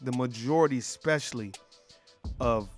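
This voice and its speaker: A man's voice: medium pitch, moderate pace, soft background music. A man hosting a casual conversation, talking in a blunt, emphatic and profane way. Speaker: podcast host.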